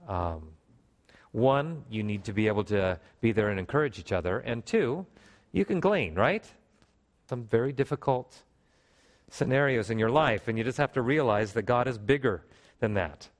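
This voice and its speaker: A man preaching a sermon to a congregation, animated, with emphatic rises and calls for response in a church. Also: lowish voice, measured pace. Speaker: pastor.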